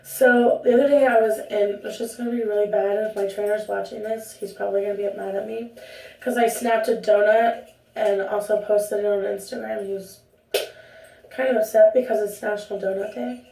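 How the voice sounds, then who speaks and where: A woman's voice: mid-range voice, steady tone, a little fast, gravelly, a little mellow. A young woman vlogging at home, talking casually to the camera in a rambling, chatty way that keeps interrupting itself. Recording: roomy echo, distant from the mic.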